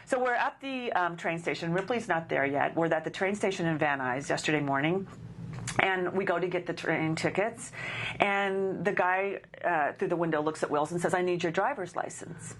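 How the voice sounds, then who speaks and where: Middle-aged woman telling a lively story. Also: normal speed, a little hiss or hum. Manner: animated, acts out dialogue with rising pitch. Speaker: guest telling a personal story. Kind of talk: casual storytelling.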